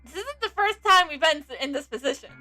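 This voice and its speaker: A woman streaming a game live, giggly and excitable as she reacts and reads along. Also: sits high, fast, faint music behind. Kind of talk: live game playthrough commentary.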